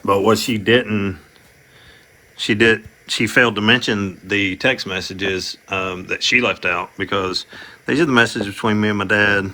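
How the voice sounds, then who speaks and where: A man hosting a casual livestream, his voice bright and forceful and set fairly low. He rambles and restarts his sentences, and fills the gaps with "like" and "um". The sound comes through a simple home-stream mic. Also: steady tone, unhurried. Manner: rambling, with frequent fillers and restarts. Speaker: livestream host.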